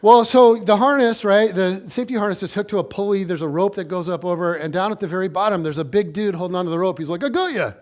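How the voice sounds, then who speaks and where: High-voiced man preaching a story sermon. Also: fast talker, few pauses. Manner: animated, conversational storytelling to the congregation. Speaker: pastor.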